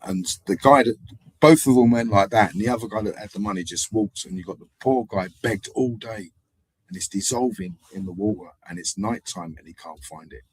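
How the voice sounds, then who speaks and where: A man hosting a live stream, wandering from story to story in a low, husky voice. He acts out the people in his tales and jumps between loud and quiet. The sound is dry and close. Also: brisk, no room sound, rough recording. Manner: meandering storytelling with acted-out voices and sudden loudness swings. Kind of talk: rambling live-stream monologue.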